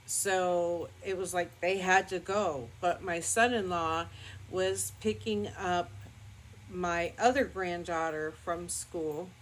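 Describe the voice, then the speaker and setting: An older woman vlogger telling a personal story in a calm, rambling, matter-of-fact way with many fillers. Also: fairly low pitch, takes it slowly, slight background noise, low-quality recording. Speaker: beauty vlogger. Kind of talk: casual storytelling to camera.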